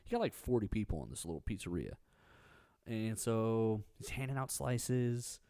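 Dark-voiced man telling stories, laughing. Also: on the low side, normal speed, dry recording, clean studio sound. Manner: animated storytelling, acts out quotes, laughs often. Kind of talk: casual chat.

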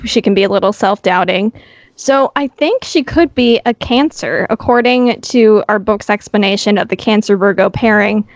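A woman co-hosts a chatty podcast, explaining her points in an easy, even way. Her voice sits in a middle register. It sounds dry and close, with no room around it. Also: mid-range voice, dry recording. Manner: explanatory, reads from an astrology book. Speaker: podcast co-host. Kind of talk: casual chat, recapping a dating show.

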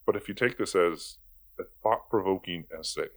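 A man's voice: deep voice, normal speed, gravelly. A young man giving profane, exasperated commentary in a sarcastic, casual rant. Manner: sarcastic, exasperated, swears freely. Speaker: video commentator.

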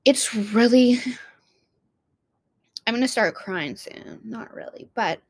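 Young woman rambling to camera, bit high voice, swears a lot, dry close sound. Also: animated, takes it slowly, dry recording. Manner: rambling, self-interrupting, swears casually. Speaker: vlogger. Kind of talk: casual heartfelt monologue.

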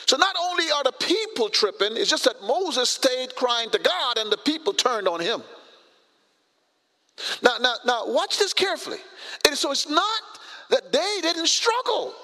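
Animated high-voiced male preacher. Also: normal speed, big-room sound. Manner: animated, conversational preaching with vivid everyday scenarios. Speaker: pastor. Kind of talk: sermon.

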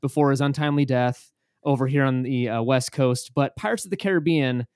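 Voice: medium pitch, fairly quick, a little mellow, no room sound. Teasing podcast host, dry close sound. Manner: teasing, many fillers and restarts. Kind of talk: casual chat.

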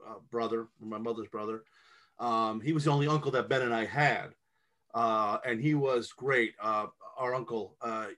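A man's voice: medium pitch, a bit bright. A middle-aged man co-hosting a podcast, telling family stories in a rambling, emphatic way with many restarts. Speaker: podcast co-host. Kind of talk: casual podcast storytelling.

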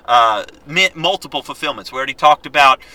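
A man teaching a Bible lesson, reading scripture aloud and exhorting his listeners in an earnest, quick-paced way with frequent restarts. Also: mid-range voice, lively intonation, bright, forceful tone, low-quality recording.

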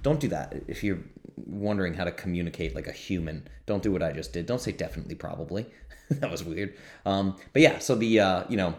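A man's voice: deep voice, a little fast. A man hosting his own podcast, talking in an upbeat, rambling way with self-mocking asides. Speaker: podcast host. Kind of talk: casual solo podcast talk. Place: home studio.

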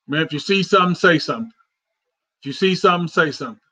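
A man with a high, bright voice hosts a casual talk show. He talks in a heartfelt, repetitive, conversational way, and the recording sounds dull and lo-fi. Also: fast talker, breathy edge. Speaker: host.

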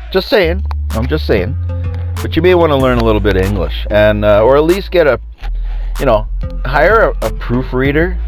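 A man hosts a podcast in a loose, sarcastic monologue. His pitch swings widely as he mocks and laughs at his own jokes. Faint music plays underneath. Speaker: podcast host. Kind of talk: casual monologue storytelling.

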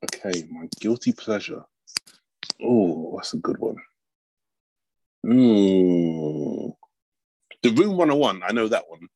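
A man chatting as a guest on a football podcast, animated when telling stories and saying "mate" a lot. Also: on the low side, normal speed, breathy edge, no echo, rough recording. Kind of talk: casual chat.

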